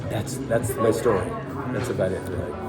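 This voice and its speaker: A man telling a casual, emotional story in a halting way, often repeating his words. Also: lowish voice, steady tone. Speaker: storyteller recounting a school visit. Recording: crowd chatter and music behind.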